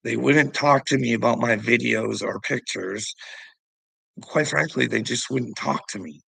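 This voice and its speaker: A man's voice: mid-range voice, measured pace, vocal fry, fairly bright tone, breathy edge, no room sound, rough recording. A middle-aged man delivering an agitated, profane vlog rant. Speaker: vlogger. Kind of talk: ranting vlog monologue.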